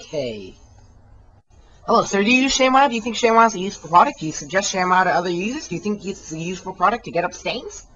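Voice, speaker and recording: A woman doing a parody infomercial pitch, rambling and repeating herself. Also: expressive, very fast, hardly any pauses, a bit bright, muffled recording. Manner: rambling, repetitive sales patter. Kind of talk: mock infomercial. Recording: echoey room, far from the mic.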